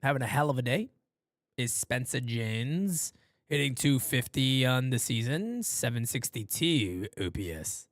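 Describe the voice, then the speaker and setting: Male fan streamer calling play-by-play from a home studio, lively swinging pitch, slow easy pace, shouts on big plays. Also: no echo. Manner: shouts on big plays, mutters low asides between pitches. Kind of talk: live fan play-by-play commentary.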